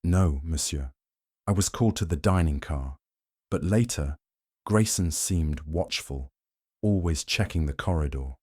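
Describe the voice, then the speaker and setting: A man's voice: very deep voice, a little slow, a little mellow, no echo, studio quality. A man reading the part of a nervous, frightened male train conductor who pleads and hesitates anxiously.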